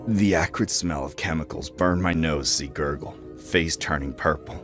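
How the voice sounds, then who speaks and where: A man narrating a scripted horror story with dramatic, expressive storytelling. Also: extremely low pitch, moderate pace, music in the background.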